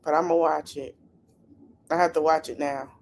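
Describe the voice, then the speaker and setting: A woman's voice: low voice, fairly even intonation, moderate pace, a little mellow. A woman hosting a casual livestream podcast, chatting straight to her viewers with plenty of asides. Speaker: podcast host.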